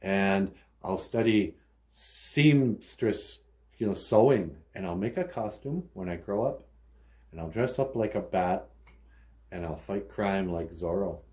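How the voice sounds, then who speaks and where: A man's voice: low voice, slow pace, mellow. A man voicing a rich young hero, earnest and wounded, in a raised, exclaiming voice during comic storytelling. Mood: determined.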